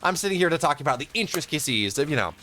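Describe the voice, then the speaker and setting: A young man casting a live game, rambling and self-interrupting, quick to laugh. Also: fairly high pitch, sing-song, pushed and bright. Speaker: esports caster.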